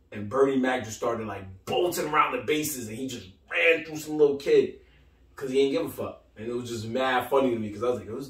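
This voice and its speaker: Guy co-hosting a podcast, tells stories loud and animated, echoey room, mic kinda far. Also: medium pitch. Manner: animated storyteller, acts out voices, laughs often. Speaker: podcast co-host. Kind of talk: casual chat. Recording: roomy echo, mic from a distance.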